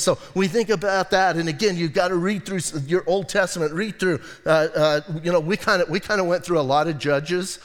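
High-voiced joking pastor in a reverberant hall. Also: male voice, brisk, a bit bright. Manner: casual, joking, asks the congregation questions. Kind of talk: sermon. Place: church sanctuary. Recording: long reverb of a church hall.

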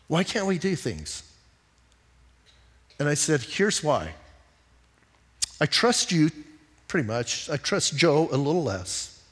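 A middle-aged male pastor preaching a conversational sermon, mixing jokes and stories with teaching. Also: mid-range voice. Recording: long hall reverb.

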